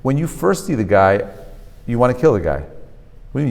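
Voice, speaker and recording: Animated rabbi teaching in a hall. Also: male voice, medium pitch, a little fast, gravelly. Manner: animated, often checks in with "right?"; mixes Hebrew terms into English. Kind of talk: lecture to a live class. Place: lecture hall with a live audience.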